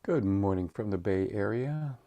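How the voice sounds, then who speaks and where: A man's voice: fairly low pitch, expressive, normal speed, warm tone, dry recording. A man on a video call, chatty while testing his microphone level. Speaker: call participant.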